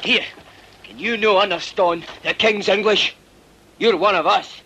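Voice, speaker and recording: A gruff sergeant. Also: male voice, high-pitched, measured pace, bright, forceful tone, exaggerated voice. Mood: shouting. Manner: blunt, swearing. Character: gruff Scottish army sergeant. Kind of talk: film dialogue.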